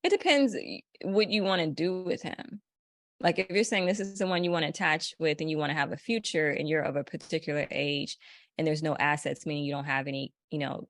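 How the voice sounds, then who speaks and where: A woman from the United States talks in a blunt, slangy way and laughs often as a podcast guest. Her voice sits fairly low. The sound is close and dry, with no room around it. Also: no room sound. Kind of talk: casual chat.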